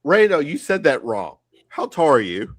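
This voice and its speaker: A man whose pitch leaps all over the place, sitting a bit high, who jumps into the chat to tease his friends. He sounds playful and quick to interject. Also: sing-song. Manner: teasing, interjecting. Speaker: podcast panelist. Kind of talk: casual roundtable banter.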